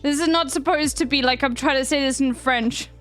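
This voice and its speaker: A woman's voice: high voice, a little fast, fairly bright tone, faint music behind. A woman streamer chatting casually on a live stream, blunt and slangy, with frequent swearing.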